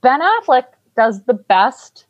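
A woman's voice: sits high, big pitch swings, slow, dry recording, highs cut off. A woman co-hosting a casual podcast, chatting and recapping a film in an irreverent, swearing, offhand way. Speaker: podcast co-host.

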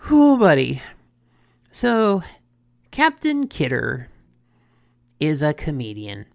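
A speaker retells an episode as a casual story recap, animated and rambling, often correcting themselves mid-sentence. The delivery is slow with a gravelly edge, and the sound is dry and close. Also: medium pitch, no echo. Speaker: show recapper.

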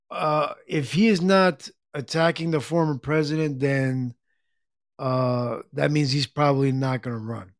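A man hosting his own podcast live, chatting casually and reading listener comments, talking in a halting way with many fillers and restarts and often clearing his throat. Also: on the high side, no echo, studio quality. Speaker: podcast and internet radio host.

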